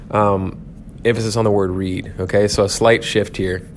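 A man with a lowish voice gives a relaxed Bible lecture to his church. He talks in a loose, conversational way, often restarting his sentences and checking in with "okay?". A faint hiss of noise sits under the recording. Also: fairly quick. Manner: conversational, self-correcting, frequent "um" and "okay?". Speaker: church teacher.

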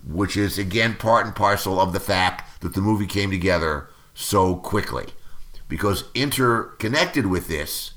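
Older male screenwriter, low and forceful, casual rambling anecdote teller. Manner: rambling, many fillers and restarts, lively acted-out quotes. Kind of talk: anecdotal interview storytelling.

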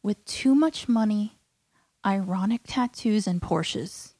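A woman guest telling a comic story in a profane, animated and indignant rant. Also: medium pitch, slow pace, no echo.

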